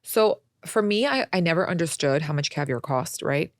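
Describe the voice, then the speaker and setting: A woman's voice: deep voice, lively intonation, normal speed, dry recording, clean studio sound. A young woman chatting as a podcast guest, telling stories and acting out quoted voices. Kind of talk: casual interview talk.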